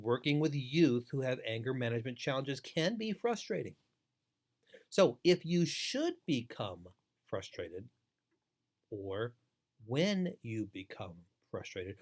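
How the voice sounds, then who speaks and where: Emphatic man giving a training webinar. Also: medium pitch. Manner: emphatic, repetitive, instructive. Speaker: foster care trainer. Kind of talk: webinar lecture.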